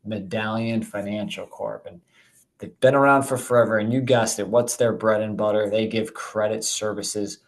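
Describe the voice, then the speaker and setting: A man co-hosting a dividend investing show in casual chat, energetic and jokey, talking straight to viewers. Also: lowish voice, normal speed, poor audio.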